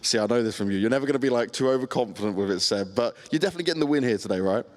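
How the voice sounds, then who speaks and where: Fast-talking male esports interviewer. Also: medium pitch. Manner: teasing, upbeat questions. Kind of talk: on-stage player interviews.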